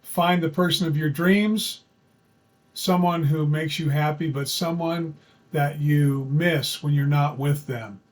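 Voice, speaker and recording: A man's voice: a little high, takes it slowly. A middle-aged man telling a personal story in an earnest, folksy way, repeating phrases for emphasis as he gives dating advice.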